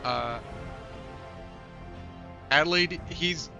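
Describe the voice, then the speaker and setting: A man narrating a tabletop game as game master, with a halting delivery full of filler sounds. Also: a little high, gravelly, muffled recording. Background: music.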